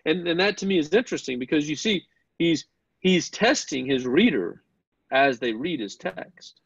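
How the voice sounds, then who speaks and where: A man's voice: on the high side, animated, normal speed, creaky, husky, dry recording, muffled recording. A man teaching a Bible class, explaining step by step, asking the class questions and often repeating words as he starts a sentence.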